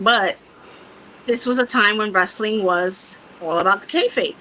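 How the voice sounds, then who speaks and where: A woman's voice: a little high, normal speed, sharp tone, slight background noise, rough recording. A woman in her thirties co-hosting a casual chat, emphatic and insistent, often repeating her points. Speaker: podcast co-host.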